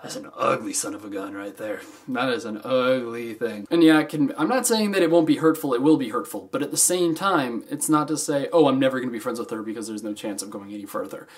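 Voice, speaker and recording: A young man talking straight to camera on his own channel. His voice sits in a middle pitch range, and he keeps the delivery playful and animated, jumping from loud emphatic bursts to soft, muttered asides. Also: fast, few pauses. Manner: animated, jokey, swings between loud and soft. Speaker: vlogger host. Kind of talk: casual talking-head vlog.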